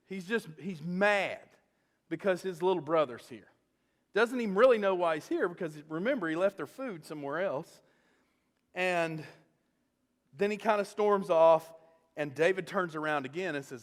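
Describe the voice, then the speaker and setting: A male pastor preaching a sermon, animated as he tells a story and often checking in with "okay?". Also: high voice, moderate pace, in a large hall.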